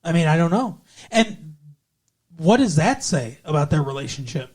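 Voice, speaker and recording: A man's voice: on the high side, big pitch swings, normal speed, darkish tone, breathy edge. A man co-hosting a podcast, giving blunt, profane opinions in a casual movie review chat. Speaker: podcast co-host.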